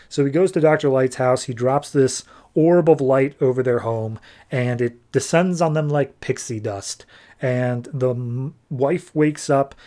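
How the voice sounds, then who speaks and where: A man hosting a podcast, recapping a comic book issue in a chatty, casual way with quick asides. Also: mid-range voice, mellow. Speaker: podcast host.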